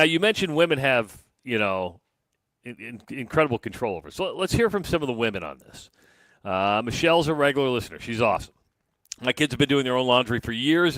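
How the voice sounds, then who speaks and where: Radio host guy, mid-pitch, rambling and joking about himself, dry close mic. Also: fairly bright tone, dry recording. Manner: rambling, self-deprecating, restarts often. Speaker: radio sports show co-host. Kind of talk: casual radio talk.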